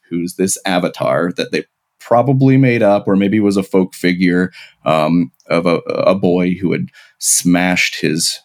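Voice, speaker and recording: Deep-voiced man telling history at length. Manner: long flowing storytelling with many restarts. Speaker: author guest. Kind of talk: podcast interview, explaining history.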